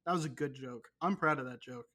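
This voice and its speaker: A young podcast co-host keeps the chat casual, swearing, wandering off topic and mocking himself. His mid-range voice is brisk with a sharp tone.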